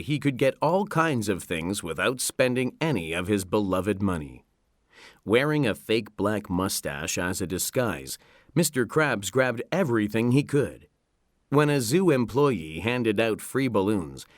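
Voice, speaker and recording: Man, storybook narration, slow, lively pitch, dry close sound. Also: no room sound. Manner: slow, expressive reading. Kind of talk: scripted narration.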